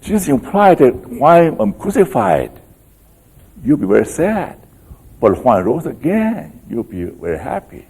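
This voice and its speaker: A man's voice: mid-range voice, huge pitch swings, unhurried, darkish tone, breathy edge, poor audio. A man presenting a conference workshop lecture. He asks rhetorical questions, repeats key phrases for emphasis, and keeps checking in with the audience with short prompts.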